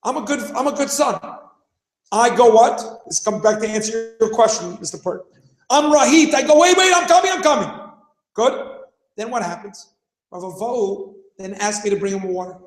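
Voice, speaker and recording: A man's voice: high voice, expressive, normal speed, a little mellow, roomy sound, rough recording. A man in his thirties teaching a class, who keeps firing rhetorical questions, acts out scenes and raises his voice for emphasis. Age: 30s. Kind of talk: animated classroom lesson.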